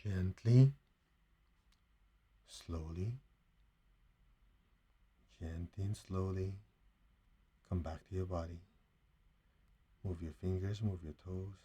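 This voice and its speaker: A man with a Chinese accent guiding a meditation in a hushed, slow, calm voice with long pauses. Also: sits low, husky. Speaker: meditation teacher. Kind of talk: guided meditation.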